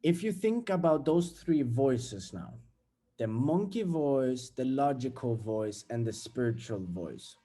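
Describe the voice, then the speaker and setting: A man's voice: medium pitch, expressive, slow pace, warm tone. A young man giving a casual, blunt motivational talk, swearing freely and acting out everyday scenes. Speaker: self-development vlogger.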